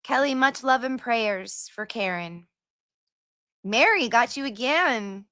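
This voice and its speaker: Slow-talking, gushing woman livestreamer. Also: fairly high pitch, lively intonation, bright, forceful tone, dry recording, studio quality. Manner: gushing and chatty, sings little filler tunes. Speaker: livestream host. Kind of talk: casual livestream chat reading comments.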